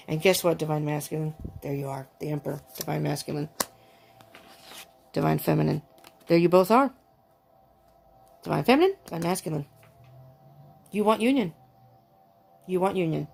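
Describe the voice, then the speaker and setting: Excitable woman reading tarot cards. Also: deep voice, gravelly. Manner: gushing, excitable, restarts and exclamations. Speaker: tarot reader.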